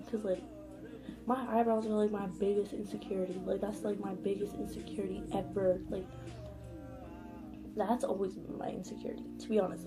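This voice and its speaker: A young female vlogger tells a casual storytime in a medium-pitched voice, rambling along with constant fillers and frequent swearing. The recording quality is low, and music plays in the background.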